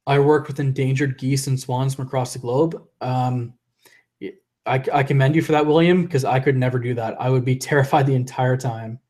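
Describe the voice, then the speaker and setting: A young man chats casually on a live stream in a middle-pitched voice. He is losing his voice, so he sounds a little worn. He rambles and stumbles through restarts between laughs. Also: steady tone, moderate pace, a little mellow. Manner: rambling, self-interrupting, laughs often. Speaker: live-stream host reading viewer chat.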